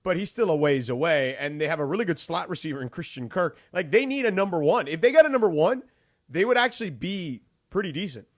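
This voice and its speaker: A man co-hosting a sports talk radio show, lively and playful, teasing his partner with a chuckle. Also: on the high side, fast talker, no echo, studio quality.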